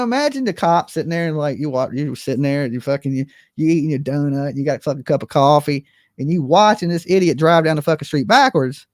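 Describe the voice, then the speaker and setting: A man's voice: a little high, no room sound, studio quality. A man giving casual, profane commentary, telling stories with lots of asides and rhetorical questions. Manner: animated, profane storytelling with many asides. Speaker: commentary streamer.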